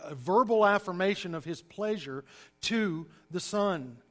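A man with a Southern US accent teaches scripture the way a preacher does, leaning hard on key words and dropping folksy asides. His voice sits a little higher than most men's. He sounds like he is speaking to a church class. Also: a little slow. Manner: animated, emphatic, folksy asides. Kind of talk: sermon-style Bible teaching.

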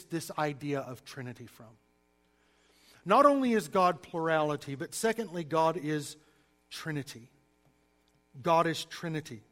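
Southern guy preaching a bible lesson, kinda high voice, punchy and animated, lots of asides. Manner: animated, emphatic, folksy asides. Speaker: preacher teaching a class. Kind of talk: sermon-style Bible teaching.

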